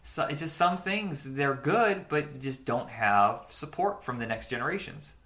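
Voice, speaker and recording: Man in his forties, casual podcast chat, rambling, easy laughs, middle pitch. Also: expressive, measured pace, fairly bright tone. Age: 40s. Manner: chatty, rambling, laughs easily. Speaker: podcast co-host. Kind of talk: casual chat about cartoons.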